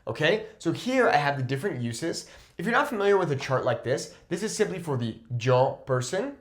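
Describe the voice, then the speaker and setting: A man teaching a Spanish grammar lesson at a whiteboard, upbeat and emphatic, checking in with "okay?" after almost every point. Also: mid-range voice.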